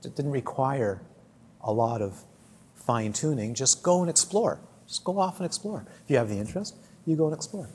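A man's voice: mid-range voice, expressive, moderate pace, darkish tone, a little hiss or hum. A man who teaches dharma, giving a talk to a group in a chatty storytelling way, often repeating and restarting his words.

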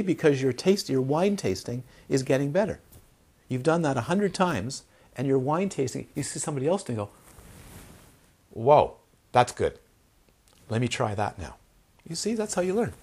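A man's voice: mid-range voice, a little mellow, breathy edge. A man, a meditation teacher, giving a dharma talk, telling stories with repeated phrases and acted-out quotes. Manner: storytelling with repetitions and acted-out quotes.

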